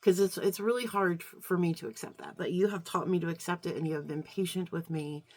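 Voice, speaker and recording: A woman's voice: lowish voice, fairly even intonation, brisk. A middle-aged woman vlogging in a casual, heartfelt chat to her viewers, rambling with lots of fillers and restarts and getting slightly emotional. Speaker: beauty vlogger.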